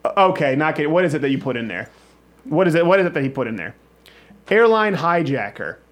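A woman's voice: deep voice, big pitch swings, fast. A woman comedian hosting, joking around in casual chat and laughing often. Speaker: comedian host.

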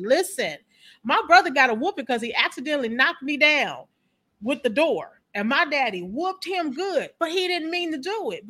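A woman guest, a company founder and coach, chatting casually and telling animated personal stories. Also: high voice. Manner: animated, emphatic storyteller.

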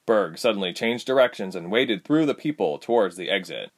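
Man reading a story, lively pitch. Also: a little fast. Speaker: narrator.

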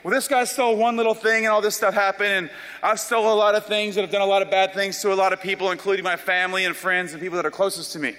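A young man from South Carolina, telling his life story as an animated, self-deprecating testimony. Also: high-pitched, fast talker. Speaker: speaker giving a personal testimony. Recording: long reverb of a large hall.

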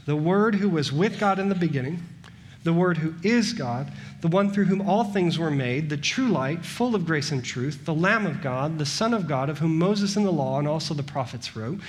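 Pastor, man in his thirties, slightly high voice, chatty sermon delivery, rhetorical questions, rising rhythmic lists. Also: expressive, normal speed. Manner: conversational, asks the congregation rhetorical questions; builds long rhythmic lists with rising emphasis.

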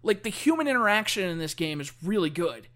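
A man with a high, bright voice gushing in a casual chat. He talks excitably and scatters "like" through every sentence, laughing along as he goes. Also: fairly quick. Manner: excitable, full of "like" fillers.

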